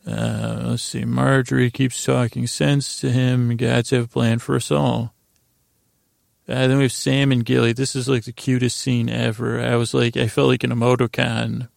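Man, podcast host, casual rambling recap, very creaky voice, dry sound. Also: medium pitch, flat delivery, normal speed, few pauses, dry recording. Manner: rambling, conversational, often restarting and retelling scenes.

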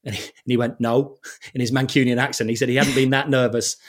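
This is a middle-aged man who presents sport on television. He talks in a mid-range voice. He tells lively stories in conversation and laughs at himself along the way. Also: medium pitch, quick pace. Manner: animated anecdotes with self-deprecating laughs. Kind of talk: conversational interview storytelling.

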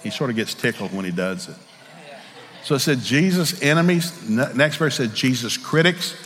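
A man's voice: mid-range voice, lively intonation, normal speed, a bit bright, long reverb tail. A middle-aged man with a Southern American accent, preaching a storytelling sermon in a folksy, candid way and acting out the voices in his stories. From Southern United States.

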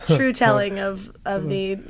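A woman's voice: medium pitch, fairly even intonation, unhurried, a loud crowd. A woman interviewing a guest in a casual way, asking chatty questions and laughing often.

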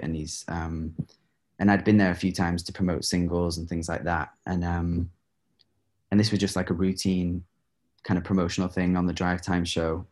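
A man, a singer, telling stories in a casual interview, full of fillers and laughs. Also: low voice. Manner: animated, laughs often, many fillers. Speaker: guest singer.

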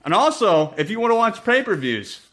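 A man's voice: high-pitched, very animated, a little fast, fairly bright tone. A young man hosting a casual sports podcast, loose and hyped, swearing freely. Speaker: podcast host.

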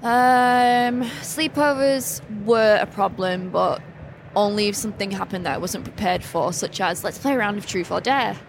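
A woman speaks as a podcast guest in a casual, candid way, poking fun at herself. Her voice sits at a middle pitch. A clear hiss of noise runs under the recording. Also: normal speed, hardly any pauses. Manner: candid, self-deprecating, laughs at herself. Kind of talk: casual interview chat. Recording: noisy background hiss.

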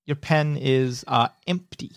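A man narrating as game master in a relaxed, descriptive way with halting restarts. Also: mid-range voice, clean tone, dry recording, clean studio sound.

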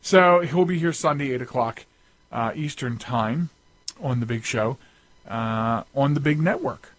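A man's voice: mid-range voice, measured pace, fairly bright tone, no room sound. A man hosting a radio talk show, chatting casually and rambling with lots of restarts and asides.

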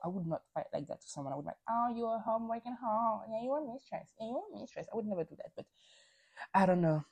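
A woman's voice: lowish voice, dark tone, breathy edge. A woman hosting a podcast, recapping reality TV in a casual, opinionated way, swearing freely and acting out quotes. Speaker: podcast host.

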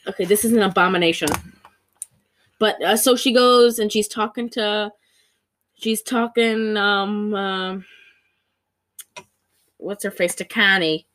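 A woman co-hosting a podcast, chatting casually as she recaps a movie and acts out its lines with big jumps in pitch. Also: fairly even intonation, slow, long pauses, fairly bright tone. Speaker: podcast co-host.

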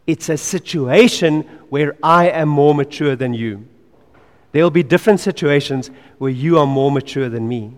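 Man, preacher, sermon, earnest and emphatic, slightly high voice, long hall echo. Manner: earnest and emphatic, repeating key phrases, dropping to quiet asides.

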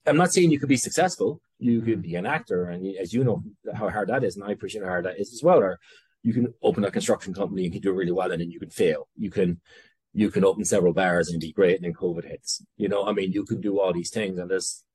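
A man's voice: low-pitched, fast, a little mellow, slightly rough, no echo. A man with an Irish accent, talking candidly as a guest in an interview, rambling and interrupting himself as he goes. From Ireland. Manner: rambling, self-interrupting, candid with casual swearing. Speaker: guest entrepreneur. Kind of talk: conversational interview.

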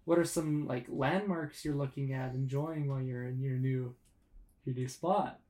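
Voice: mid-range voice, fairly even intonation, moderate pace, warm tone. A performer in an improvised comedy sketch, talking loosely and rambling with casual slang.

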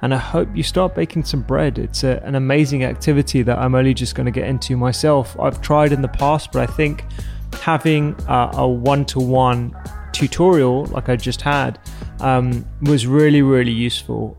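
A male podcast host with a gravelly edge to his voice closes out the show. He sounds casual and upbeat as faint music plays underneath. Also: medium pitch, fairly even intonation, moderate pace, hardly any pauses, darkish tone. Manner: upbeat, short encouraging replies.

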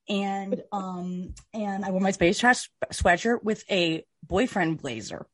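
A woman co-hosting a podcast, telling a rambling, animated story in casual chat and laughing often. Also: medium pitch, slow pace, dry recording, studio quality. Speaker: podcast co-host.

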